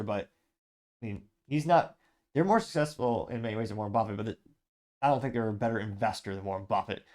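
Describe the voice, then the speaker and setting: A man's voice: lowish voice, a little mellow. A man hosting a political news podcast, talking casually and rambling with asides. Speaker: podcast host.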